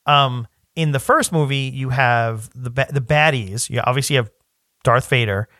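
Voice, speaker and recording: A man co-hosting a podcast in casual chat, rambling and restarting his sentences, often breaking into animated quoted asides. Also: medium pitch, moderate pace, no echo, clean studio sound. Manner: rambling, self-interrupting, animated quoting. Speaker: podcast co-host.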